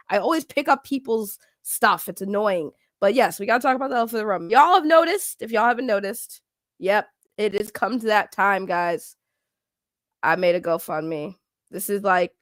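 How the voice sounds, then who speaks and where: A woman's voice: mid-range voice, a bit bright, dry recording, studio quality. A woman streamer chatting casually, greeting chat and joking at herself. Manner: chatty, self-mocking, greets chat by name.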